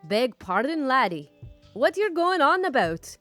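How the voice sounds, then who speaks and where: A woman's voice: sits high, sing-song, a little slow, a bit bright, soft background music, pitched above the performer's own voice, full character voice. A woman voicing a puzzled older Scottish man with a thick accent, polite and bewildered.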